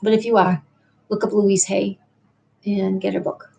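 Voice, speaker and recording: A woman's voice: medium pitch, flat delivery, measured pace, gravelly, darkish tone, slightly rough. A middle-aged woman hosting a late-night livestream, chatting in a meandering way and answering viewers in the chat. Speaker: livestream host.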